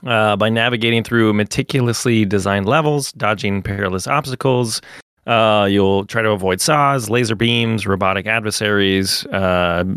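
A man's voice: lowish voice, normal speed, a bit bright, smooth, no echo, studio quality. A man on a podcast, reviewing a game in a loose, casual way with lots of "uh" fillers. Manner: loose, filler-heavy, "uh" between phrases.

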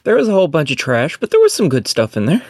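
Male panelist, mid-pitched, lively intonation, playful, dry close mic. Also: quick pace, dry recording. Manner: playful, mock-stubborn. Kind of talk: casual podcast chat.

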